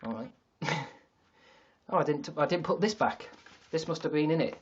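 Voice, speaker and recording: A man's voice: on the high side, expressive, moderate pace, lo-fi sound, noisy background. A man with a Yorkshire accent, rambling and self-mocking on a casual livestream from an attic, with some swearing. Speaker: livestream host. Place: sister's attic.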